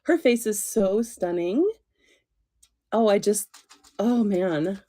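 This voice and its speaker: Slow, mellow-voiced woman chatting on stream. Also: medium pitch. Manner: chatty, giggly, rambling with fillers. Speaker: doll channel host. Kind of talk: casual live-stream chat. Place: home room, seated on a chair. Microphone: tablet on a stand.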